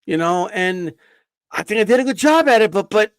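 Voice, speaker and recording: A man's voice: high-pitched, expressive, moderate pace, dry recording. A man hosting a boxing live stream, ranting defiantly and profanely, often stammering and repeating himself. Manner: stammers and restarts.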